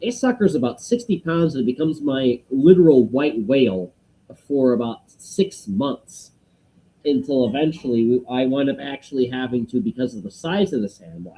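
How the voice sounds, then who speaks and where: A man's voice: medium pitch, dark tone, low-quality recording. A man co-hosting a podcast in casual chat, telling rambling stories, swearing and acting out voices. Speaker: podcast co-host.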